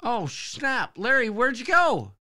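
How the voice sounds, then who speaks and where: A man tells a rambling story on a live show. His voice is bright, smooth and clear. He swings his pitch widely as he acts out what others said. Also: slow. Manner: rambling, animated storyteller who acts out quotes. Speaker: podcast co-host. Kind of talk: casual live-stream storytelling.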